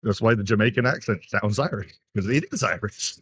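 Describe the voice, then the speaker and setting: A man's voice: lowish voice, moderate pace, fairly bright tone, breathy edge, no echo. A man from England chatting as a pool stream commentator, telling stories and laughing often. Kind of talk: casual commentary chat.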